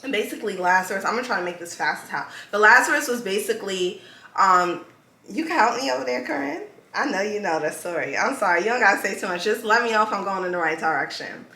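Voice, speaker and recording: A woman's voice: mid-range voice, lively intonation, fast, sharp tone, roomy sound. A woman hosting a podcast, telling stories casually with slang and laughter. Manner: loose storytelling with slang and laughs. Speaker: podcast host. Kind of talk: casual chat.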